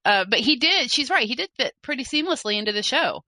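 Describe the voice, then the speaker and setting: A woman's voice: high voice, expressive, quick pace, pushed and bright, dry recording. A woman co-hosting a fan podcast in a casual chat, reading listener mail with lots of fillers and giggles. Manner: chatty, giggly, hesitant with fillers. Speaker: podcast co-host.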